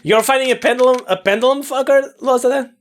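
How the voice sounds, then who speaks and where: A woman who plays through a game and comments casually, chatty and quick to swear. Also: sits high. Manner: chatty, swears, laughs at herself. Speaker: let's player.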